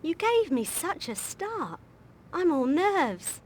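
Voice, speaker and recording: Brief: a nervous, talkative game maid, high and lilting. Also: female voice, sing-song, takes it slowly, a little hiss or hum, heavily acted. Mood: fussy. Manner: chatty, fussy. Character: flustered talkative female maid.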